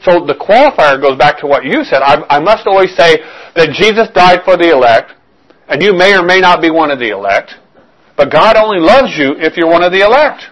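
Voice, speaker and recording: A man's voice: fairly high pitch, lively intonation, fairly quick, fairly bright tone, poor audio. A man preaching with a slightly raised voice, earnest and searching. He asks his listeners direct questions, doubles back on his own words and pushes each point home. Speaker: pastor. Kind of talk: sermon.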